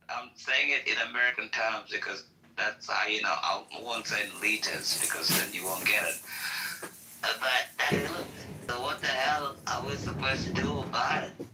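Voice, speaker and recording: A man's voice: medium pitch, bright, forceful tone, reverberant, low-quality recording. A man ranting on a political talk show, heated and profane, often repeating himself. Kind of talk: casual political rant.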